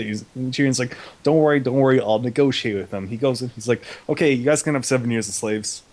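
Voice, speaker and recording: A man's voice: mid-range voice, fast talker, few pauses, darkish tone. A young man casually recapping an episode with a comedic twist, paraphrasing the characters in slangy, offhand voices.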